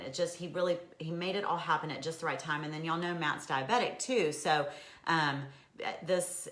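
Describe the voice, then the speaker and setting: A woman hosting a weekly live stream, chatting casually and warmly encouraging her viewers, answering their comments by name and laughing often. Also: deep voice, echoey room.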